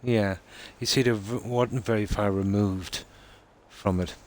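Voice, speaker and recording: A man with an Irish accent chats on a live stream, speaking in a deep, low voice. He talks slowly and easily, reading out viewer comments and answering them at length. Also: steady tone. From Ireland. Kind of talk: casual live-stream chat.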